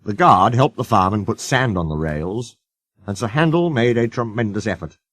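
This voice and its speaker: A man's voice: fairly low pitch, husky, dry recording. A man reading a children's storybook aloud as narrator, doing the characters' voices. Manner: slow, lively intonation.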